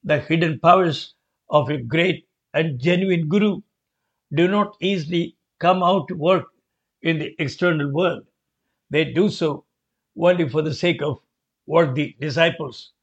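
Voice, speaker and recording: Man reading as earnest devout scholar, slow, slightly high voice, lo-fi. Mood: reverent. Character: devout male scholar, respectful and exultant. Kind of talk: reading a devotional memoir aloud. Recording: dull lo-fi recording.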